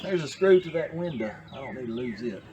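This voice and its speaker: This garage channel host, an older man with a drawl, tinkers with an old truck outdoors on a farm, breathless, chuckling and poking fun at himself as he chats. His voice is medium-pitched with lively intonation and a fairly quick pace; the recording is very noisy, with the highs cut off.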